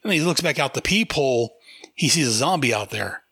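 A man's voice: mid-range voice, lively intonation, fairly quick, bright, forceful tone, slightly rough, no echo, clean studio sound. A man hosting a podcast, chatting casually as he reviews a comic book and laughs often.

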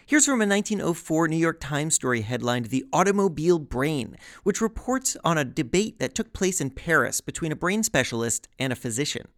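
A man hosting a scripted podcast, narrating with a lively, wry, chatty delivery. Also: on the high side, fairly quick, few pauses, no room sound, studio quality. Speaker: podcast host.

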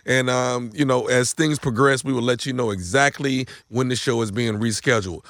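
A man on a radio show making a prank phone call, talking loud and pushy and confrontational. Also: medium pitch, moderate pace, no echo. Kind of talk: prank phone call, then on-air banter.

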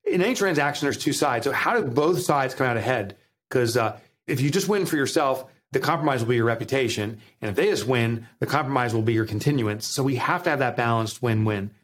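A man's voice: mid-range voice, fairly quick. Emphatic man with a Jersey accent. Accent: New Jersey. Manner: emphatic, animated, motivational. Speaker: guest author. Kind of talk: podcast interview.

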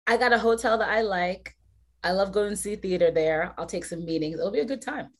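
A woman's voice: mid-range voice, fairly quick. A woman podcast co-host in playful casual chat, who repeats her own lines. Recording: audible noise behind voice.

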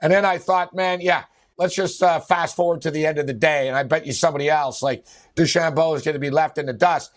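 A man co-hosting a casual sports talk show, with a slightly raised pitch. He rambles through his points, leaning on fillers and laughing often. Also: steady tone, fairly quick. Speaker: sports podcast co-host.

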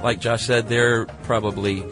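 A man's voice: medium pitch, flat delivery, unhurried, over music. A middle-aged man co-hosting a podcast, chatting casually and reading listener mail in an easygoing way. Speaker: podcast co-host. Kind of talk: casual chat.

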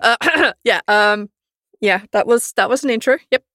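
A woman's voice: a little high, measured pace, a bit bright, no echo, clean studio sound. Blunt, joking woman. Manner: blunt, joking, laughs often. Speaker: dungeon master of a podcast. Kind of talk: casual podcast chat.

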